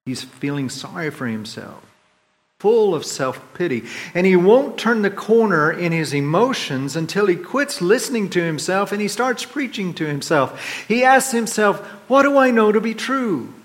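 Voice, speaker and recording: A man preaching a sermon, swinging between loud, high complaints and quiet, low reflection as he voices the psalmist. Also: big pitch swings, normal speed. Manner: dramatic swings in pitch and volume, voicing the psalmist's complaints. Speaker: pastor.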